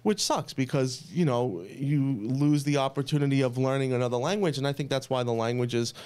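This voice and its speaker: A man tells family stories in a relaxed podcast conversation. His voice sits at a middle pitch, and he grows animated when he quotes his relatives. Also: fairly quick, clean tone. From United States. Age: 30s. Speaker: podcast guest, pizza chef.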